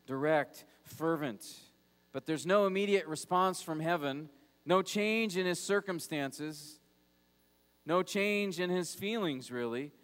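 A man preaching a sermon as pastor, moving between loud urgent passages and quiet, low, emphatic ones. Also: clean tone. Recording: long hall reverb.

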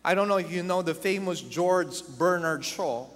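A man's voice: high-pitched, normal speed. A man preaching a sermon as pastor, acting out quoted voices and repeating key phrases for emphasis. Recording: long hall reverb.

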